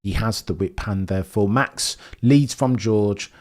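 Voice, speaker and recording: A man calling a live race stream as a fan, jumping from calm updates to loud pleading shouts. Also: lowish voice, unhurried. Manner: swings from calm reading of gaps to loud shouting; fan-like, pleading with drivers, chatty with viewers.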